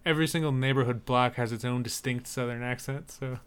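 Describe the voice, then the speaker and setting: A man's voice: medium pitch, steady tone, brisk, clear, resonant tone. A man co-hosting a podcast in casual chat, wry and chuckling as he reads out listener emails. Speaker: podcast co-host.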